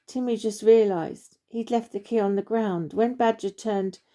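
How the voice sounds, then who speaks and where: A woman narrating a children's story in a warm, expressive storytelling manner. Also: medium pitch, unhurried.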